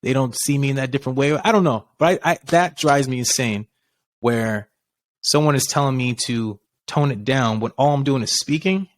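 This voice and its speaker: A man co-hosting a podcast in casual chat, animated and passionate, his voice rising as he gets into it. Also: medium pitch, moderate pace. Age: adult with a child. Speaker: podcast co-host.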